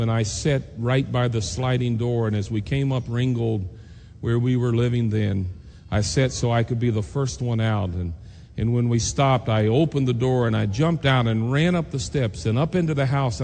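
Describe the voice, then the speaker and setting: A man's voice: mid-range voice, warm tone. A man preacher telling a personal story in an earnest, emotional sermon, acting out the voices of people he quotes. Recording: long reverb in a large hall, faint noise.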